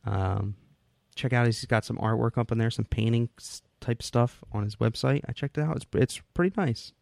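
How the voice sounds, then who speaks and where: A man's voice: mid-range voice, moderate pace, vocal fry, darkish tone, dry recording. A man co-hosting a casual podcast, reading out listener mail and laughing often. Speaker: podcast co-host. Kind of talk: casual chat.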